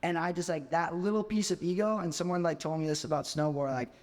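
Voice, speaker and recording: A man's voice: fairly high pitch, fast, long reverb tail. A man in his twenties, a podcast guest, telling a story in a casual way and filling his speech with "like". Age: 20s. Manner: constant "like" fillers, animated.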